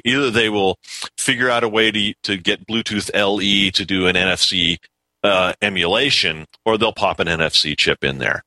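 A man's voice: lowish voice, normal speed, bright, forceful tone, no echo, rough recording. A man speaking as a guest on a tech radio talk show, opinionated and prone to ranting. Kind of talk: casual radio chat.

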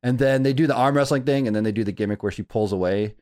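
A man's voice: mid-range voice, fast, darkish tone, no room sound, clean studio sound. A young man co-hosting a casual podcast chat, crude and joking, going through his notes. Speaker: podcast co-host.

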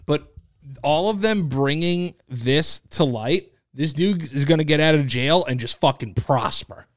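Excitable male podcast co-host, lively pitch. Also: measured pace. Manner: hyped, excitable, profane. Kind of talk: casual chat.

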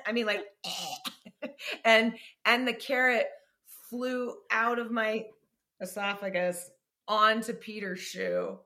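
A middle-aged actress telling stories in a casual interview, animated and self-deprecating, laughing often. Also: female voice, mid-range voice. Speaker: actress and guest.

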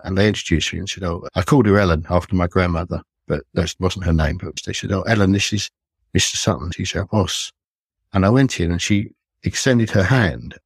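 An older man, a retired police detective, recounting his cases in an earnest, measured, reflective way as a guest on a podcast. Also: deep voice, slightly rough, dry recording.

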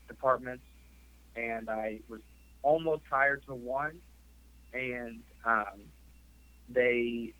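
A man's voice: mid-range voice, pushed and bright, lo-fi sound. A man hosting a podcast, telling a story in casual chat and rambling with lots of "like" and "you know.". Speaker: podcast host.

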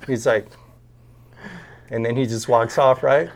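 A man's voice: mid-range voice, takes it slowly, vocal fry. A man telling a story on a podcast, acting out the voices of the people in it. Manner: animated storyteller acting out quotes. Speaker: podcast guest. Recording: video call.

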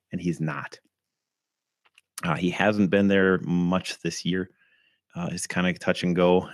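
Casual male podcast host, very low voice, a bit hoarse, chatty with filler words. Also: dry recording, clean studio sound. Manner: conversational, frequent ums and throat clearing. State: slightly hoarse, something in his throat. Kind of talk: casual fantasy football recap.

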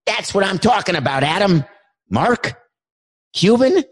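Guy doing a tired, fed-up league boss, lowish and quiet, losing his grip on the call. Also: lively intonation, normal speed, natural voice. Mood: weary. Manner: exasperated, trying to keep order. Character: weary male league commissioner running a chaotic call. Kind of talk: comedic impression sketch.

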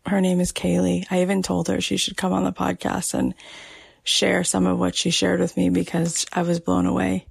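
A woman hosting a podcast, talking softly and emotionally, often dropping almost to a whisper. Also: lowish voice, completely flat delivery, normal speed, gravelly, slightly rough, dry recording. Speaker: podcast host. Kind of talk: personal podcast monologue.

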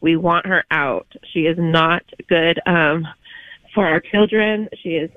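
A woman's voice: sits low, takes it slowly, dry recording. A woman calling in to a talk radio show as a parent, speaking earnestly and insistently. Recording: muffled phone line.

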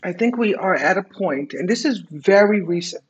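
An older woman speaks as a guest in a candid interview, reflective yet emphatic. She leans on repetition to drive her points home, her pitch sitting in an ordinary middle range. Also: expressive, normal speed, muffled recording, slight background noise. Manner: emphatic, repeats key phrases, reflective. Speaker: guest, retired executive.

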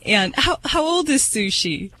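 A woman's voice: high-pitched, sing-song, unhurried, slight background noise, rough recording. Chatty woman veterinarian on the radio. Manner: warm, chatty, says um a lot. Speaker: veterinarian guest. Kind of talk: explaining on a call-in radio show.

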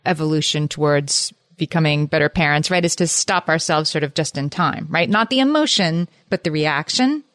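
A woman's voice: sits low, moderate pace, hardly any pauses, a bit bright, no room sound. A woman hosting a conversation, affirming and summarizing her guest's points. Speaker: podcast host. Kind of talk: casual interview talk.

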